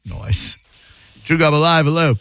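A man hosting a call-in radio show, teasing and mocking his callers in quick banter from a studio microphone. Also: mid-range voice, expressive, no echo.

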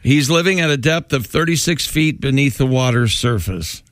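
A man reading offbeat news items on a comedy talk show, fast-paced and laughing between bits. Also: mid-range voice, lively intonation, fairly bright tone, dry recording, clean studio sound. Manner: reads briskly, breaks into laughter, does bits. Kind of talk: reading news stories with jokes.

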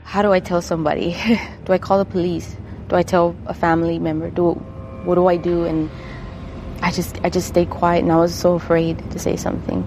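A woman giving an interview about her own experience, speaking haltingly, repeating words and close to tears. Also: on the low side, flat delivery, a little mellow, faint music behind. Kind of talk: emotional personal testimony.

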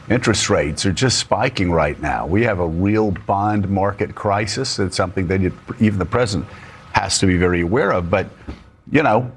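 A man's voice: on the low side, breathy edge. A man hosting a political talk show, talking emphatically with sarcastic asides. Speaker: host.

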